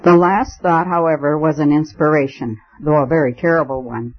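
A man's voice: on the high side, steady tone, moderate pace. Man narrating an audiobook. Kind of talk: first-person audiobook narration. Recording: dull lo-fi recording.

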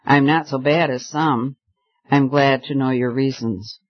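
A man reading the part of a moody, dogged young man pleading his case in a slow, earnest voice. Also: medium pitch, steady tone, natural voice. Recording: slightly dull lo-fi recording.

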